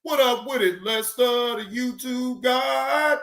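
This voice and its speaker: High-voiced, slow-talking male streamer. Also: creaky, fairly bright tone, roomy sound. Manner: rambling, slangy and profane, with many restarts. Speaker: reaction streamer. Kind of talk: casual reaction commentary.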